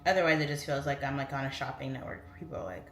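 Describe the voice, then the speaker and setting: A woman's voice: rumbling low, steady tone, rapid-fire, a little hiss or hum. A woman hosting a casual live stream from home on a phone, rambling chattily and reading viewer comments aloud. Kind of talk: casual livestream chat. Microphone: phone on its side. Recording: echoey room with faint music.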